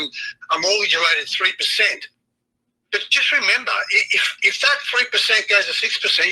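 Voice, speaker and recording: A man's voice: sits high, pushed and bright, slightly rough, rough recording. An Australian man ranting bluntly and profanely to an online audience, emphatic and heated. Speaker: trading chat host.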